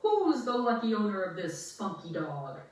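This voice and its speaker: A woman's voice: medium pitch, very animated, normal speed, lightly acted. Friendly amused president, read by a woman, mic far off. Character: warm amused male president. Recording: echoey room, mic far off.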